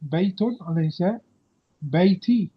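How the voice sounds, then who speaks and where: A man's voice: high voice, moderate pace. A man teaching an Arabic grammar lesson over a video call, patiently quizzing his student. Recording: muffled video-call audio.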